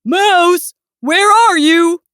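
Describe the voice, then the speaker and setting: A woman doing a pompous slow-talking bear. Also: high-pitched, very animated, fairly bright tone, no room sound, studio quality, exaggerated voice. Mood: grand scolding. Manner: slow, grand, declaiming. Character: pompous stern male bear, fond of pickles.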